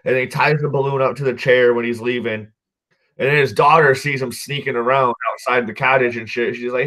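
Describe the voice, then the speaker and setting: A man's voice: mid-range voice, steady tone, brisk, a bit bright. A man hosting a podcast, casually recapping a movie in a loose, profanity-laced ramble that keeps circling back to correct itself. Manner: loose, profanity-heavy, peppered with "dude" and "like"; rambling, often backtracks and corrects himself. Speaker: podcast host.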